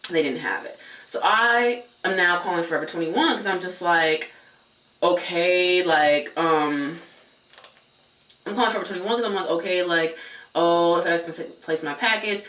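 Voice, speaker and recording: A man's voice: high voice, normal speed, sharp tone, far from the mic. Guy spilling a storytime, chatty, lots of "like", roomy echo, sits back from the mic. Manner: chatty, many "like" fillers, swears. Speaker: vlogger telling a story. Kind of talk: casual storytime chat. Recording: echoey room, voice away from mic.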